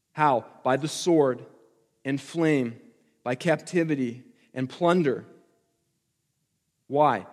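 A male pastor preaching with fervor, his slightly higher voice climbing in emphatic repeated phrases. His words ring out with the long reverb of a large church sanctuary. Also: a little mellow. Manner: impassioned preaching with rising emphatic repetition. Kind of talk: sermon.

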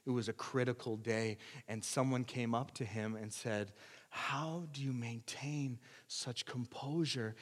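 A male pastor delivering a sermon, swinging between loud emphatic preaching and quiet earnest asides, in a church sanctuary. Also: medium pitch. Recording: long church hall reverb.

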